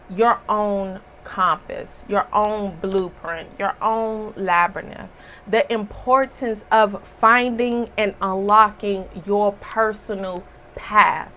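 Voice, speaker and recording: A slightly hoarse woman giving a casual spiritual reading, emphatic and preachy, with rhetorical asides. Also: medium pitch, bright, forceful tone, low-quality recording. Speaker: spiritual reader.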